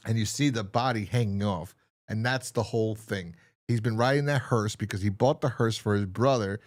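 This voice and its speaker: A man's voice: on the low side, moderate pace. A man co-hosting a podcast, casually reviewing and recapping a story with lots of fillers. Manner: rambling, lively, many fillers. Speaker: podcast co-host.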